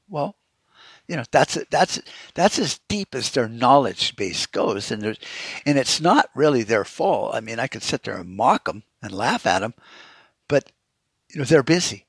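A man's voice: mid-range voice, expressive, normal speed, gravelly, breathy edge, no echo. A man hosting a solo podcast, ranting about politics in a blunt, profane and rambling way. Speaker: podcast host.

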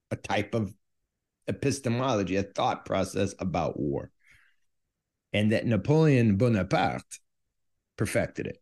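A man's voice: medium pitch, darkish tone. A man hosting a history podcast, talking casually and jokingly about his subject. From United States. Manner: jokey, conversational, self-aware. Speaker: podcast host.

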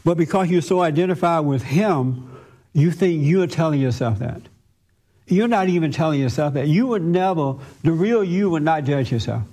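A man's voice: fairly high pitch, expressive, moderate pace, mellow. A man giving spiritual counsel to a group in an emphatic, insistent way, repeating his points. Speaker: spiritual teacher.

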